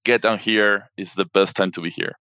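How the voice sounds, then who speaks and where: A low-voiced man from Argentina chatting as a podcast guest, telling stories with enthusiasm. His audio is dry and dull, like a remote call. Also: steady tone, moderate pace, creaky, sharp tone, clear, resonant tone, no echo. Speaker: podcast guest, business partner. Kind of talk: casual conversation.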